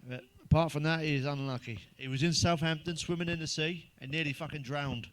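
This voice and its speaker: Man, middle-aged, crude joke-teller, sweary, chuckling, fairly high-pitched. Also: fairly even intonation, fairly quick. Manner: blunt, sweary, chuckles at own jokes. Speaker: stand-up comedian. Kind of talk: crude joke-telling monologue.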